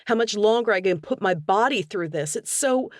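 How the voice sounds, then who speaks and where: A woman reader doing a distraught young wife in an audiobook, pitched well above her narrating voice and pushed louder. Her pleading lines crack with tears. The sound is close and dry. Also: lively intonation, moderate pace, no room sound, close to an everyday voice. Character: anguished young wife, tearful and desperate. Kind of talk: audiobook character dialogue.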